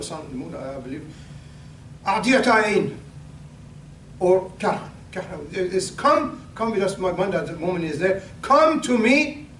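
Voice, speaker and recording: A man's voice: fairly high pitch, a bit bright. Older man preaching in an echoey hall. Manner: halting, repeats words and restarts, rises for emphasis. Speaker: imam. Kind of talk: pre-sermon talk. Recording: echoey hall, distant mic, faint hum.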